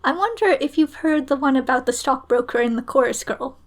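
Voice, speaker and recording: A woman voicing an excitable, flustered young gentleman in a storybook reading, raising her voice high and loud for him. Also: a little fast.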